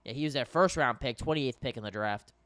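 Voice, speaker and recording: A man's voice: mid-range voice, a little fast, a bit bright, no room sound. A young man doing casual live play-by-play commentary, talking to viewers, a little tired and yawning. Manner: conversational, addresses viewers as guys. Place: home in New York.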